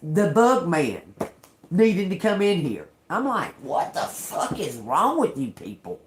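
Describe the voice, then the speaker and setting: A woman's voice: lowish voice, big pitch swings, unhurried, a little hiss or hum. A middle-aged woman on a livestream, angrily telling a personal story with lots of cursing. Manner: agitated, profane ranting. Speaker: livestream host. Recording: roomy echo.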